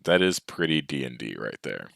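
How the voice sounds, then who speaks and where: A man's voice: very deep voice, very animated, normal speed, gravelly, fairly bright tone, dry recording, studio quality. A man playing in a tabletop game, chatting wryly and laughing easily. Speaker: player. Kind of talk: casual chat during a tabletop game.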